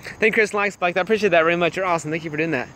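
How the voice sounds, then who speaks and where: A young man chats to his stream viewers in an excitable, easily amused way, often breaking into laughter. His voice is bright and a little high. Faint night ambience with crickets and passing traffic sits behind him. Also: racing. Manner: excitable, laughs a lot, greets chat viewers. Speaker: livestream gamer. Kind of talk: casual livestream chat.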